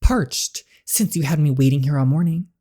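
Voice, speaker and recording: A streamer putting on a snooty, grumpy woman customer who is haughty and demanding about her sweet tea. Read with a slightly higher put-on voice from a story game. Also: normal speed, dark tone, breathy edge, lightly acted.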